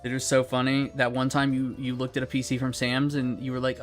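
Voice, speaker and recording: A man's voice: medium pitch, fairly even intonation, a little fast, soft background music. A young man streaming a game, chatting casually with friends and chat in a rambling, profane, laid-back way.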